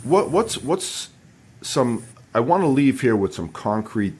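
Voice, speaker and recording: A man's voice: mid-range voice, sing-song, measured pace, a little mellow, breathy edge. A middle-aged man with a Boston accent, hosting a podcast in an easygoing, friendly chat. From Somerville, Massachusetts, USA. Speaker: podcast host. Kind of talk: casual podcast interview.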